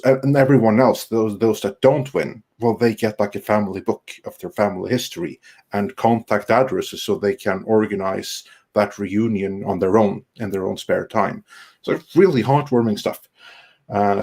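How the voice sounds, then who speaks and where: A man hosting a casual online panel stream, reading viewer messages aloud and chatting with halting, filler-heavy delivery. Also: fairly low pitch, fairly even intonation, vocal fry, darkish tone, husky. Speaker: livestream host reading super chats.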